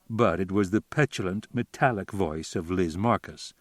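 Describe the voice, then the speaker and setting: A man reading a novel aloud in calm, measured narration. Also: lowish voice, no echo, studio quality. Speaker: audiobook narrator. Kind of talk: scripted narration.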